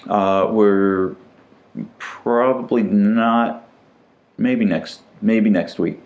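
A middle-aged man co-hosting a podcast in casual chat, relaxed and rambling, with many fillers and restarts. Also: on the low side, drawn-out words, highs cut off. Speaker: podcast co-host.

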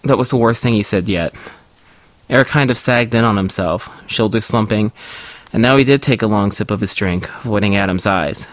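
A man reading a story aloud in an even, measured way as the narrator. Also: on the low side, no room sound. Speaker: audiobook narrator. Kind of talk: scripted narration.

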